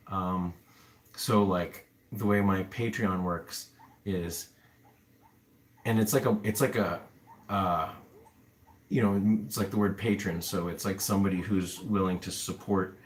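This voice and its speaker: A man who runs an animal rescue, chatting casually with live viewers in a loose, rambling way, full of fillers. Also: fairly low pitch. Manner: rambling, filler-heavy, answers chat comments. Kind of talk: casual live stream chat. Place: home room with pets. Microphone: camera on upside-down tripod.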